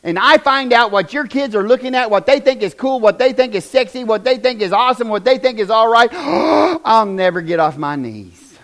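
A man, preaching a fiery revival sermon in a church, swinging from shouts down to a near-whisper. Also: very high-pitched, brisk, few pauses. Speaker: pastor.

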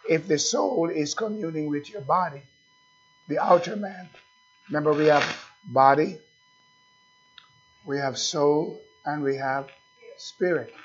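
Slow, husky preaching pastor. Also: male voice, fairly high pitch, muffled recording. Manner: slow, repetitive preaching with questions to the congregation. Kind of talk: sermon.

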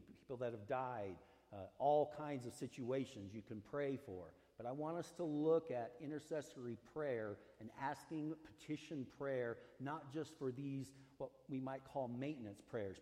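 Warm-toned pastor preaching in a reverberant hall. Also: male voice, mid-range voice, a little slow. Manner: earnest, stresses key words, stretches them out; conversational, with fillers and asides. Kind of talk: sermon.

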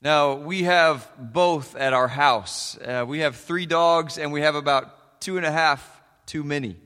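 A man's voice: on the high side, unhurried, sharp tone, clean tone. Folksy pastor man in an echoing hall. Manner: folksy storytelling with many fillers. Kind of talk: sermon.

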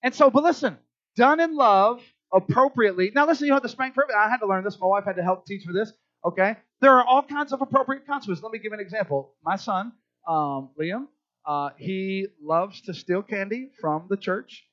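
A middle-aged pastor preaches to a church crowd in a high-pitched, expressive voice at a fairly quick pace. He's chatty and conversational, often checking in with listeners. The recording is dull, lo-fi and dry, with no room sound.

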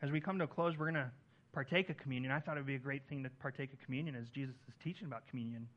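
A man preaching a sermon as pastor, earnest, lifting his voice on key lines and dropping it soft on others. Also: medium pitch, very fast, muffled recording.

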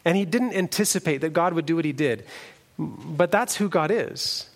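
Male preacher, earnest sermon delivery, voice a bit high. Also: lively intonation, moderate pace. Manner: earnest, reads scripture aloud, some restarts.

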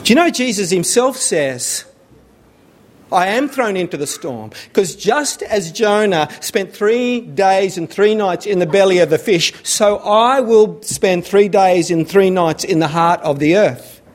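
A man's voice: high voice, expressive, measured pace. A man preaching a sermon, earnest and repeating phrases for emphasis.

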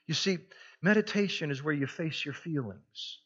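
A man preaching a sermon as pastor, swinging from near-shouted passion down to hushed, tender tones. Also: on the high side, normal speed, husky, dull audio.

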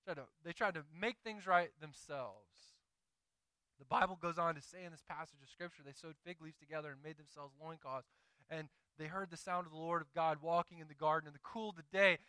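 A man with a Southern accent preaching a sermon in an animated, conversational way, slipping into quick acted asides. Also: on the high side, clean tone, dry recording, rough recording. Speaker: pastor.

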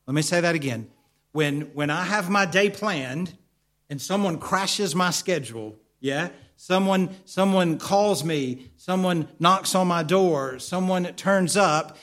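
A man delivering a sermon from the pulpit with a voice a little higher than most men's. He speaks earnestly, says his key points twice and keeps asking the congregation questions. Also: a bit bright. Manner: earnest, repeats key lines for emphasis. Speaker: pastor.

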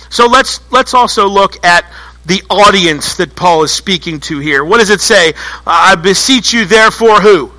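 A man preaching a sermon to a church congregation, telling stories in an animated way and acting out little voices. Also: high voice, moderate pace, rough recording. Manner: animated storytelling, acts out voices. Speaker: pastor.

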